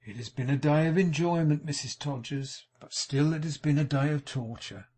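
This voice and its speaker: A man voicing a sanctimonious, self-pitying middle-aged gentleman in an audiobook, mournful and unctuous. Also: a little high, normal speed, pitched above the performer's own voice, close to an everyday voice. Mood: confiding. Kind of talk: audiobook character reading.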